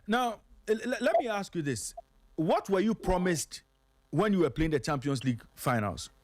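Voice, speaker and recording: A slightly higher-pitched man hosts a sports radio show. He asks his questions in a measured way, recorded close and dry in a studio booth. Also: lively intonation, no room sound. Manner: measured questioning, restarts before asking. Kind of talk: radio interview.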